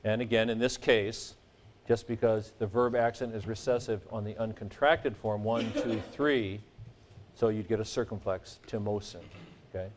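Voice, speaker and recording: A man's voice: fairly low pitch, steady tone, normal speed, a little hiss or hum. A man lecturing a class on grammar, joking and playful, now and then singing vowel sounds to make a rule stick. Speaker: Greek teacher.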